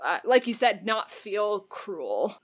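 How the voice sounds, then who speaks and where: A woman co-hosting a podcast, talking casually about a book with relaxed, wry asides. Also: medium pitch, slow, husky. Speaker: podcast co-host.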